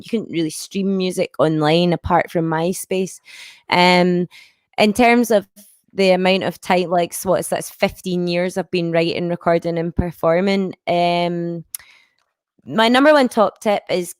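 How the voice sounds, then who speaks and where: A woman's voice: on the low side, dry recording, studio quality. A woman in her thirties with a broad Scottish accent from Lanarkshire, a musician chatting frankly as an interview guest, with many fillers. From Scotland. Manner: frank and chatty, sprinkled with fillers and a stray swear. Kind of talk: casual interview chat.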